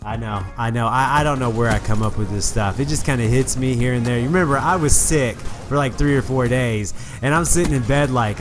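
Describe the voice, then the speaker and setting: A man's voice: medium pitch, fairly quick, hardly any pauses. Emphatic man, music underneath. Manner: conversational, emphatic, preachy advice with repeated restarts. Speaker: gaming commentary host. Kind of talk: casual voice-over commentary. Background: music playing under the voice.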